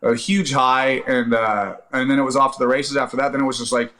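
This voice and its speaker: Man, podcast guest, rapid-fire talker, mid-pitched voice, casual anecdotes, swearing and fillers. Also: low-quality recording. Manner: lively anecdotal retelling, profane, many fillers. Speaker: podcast guest, actor and army veteran. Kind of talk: casual storytelling interview.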